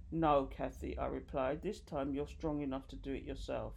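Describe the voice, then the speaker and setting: A woman reading a nonfiction book aloud, expressive and lively, with occasional slips and restarts, lifting her voice for quoted dialogue. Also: deep voice, moderate pace, gravelly, hardly any pauses, slightly rough. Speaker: audiobook reader.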